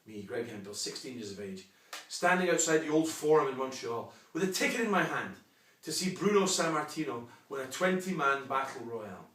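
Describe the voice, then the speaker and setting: A man's voice: mid-range voice, animated, moderate pace, fairly bright tone, distant mic. A Scottish man in his forties, a wrestling promoter delivering a combative, mocking, boastful promo rant. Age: 40s. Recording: echoey room, off-mic.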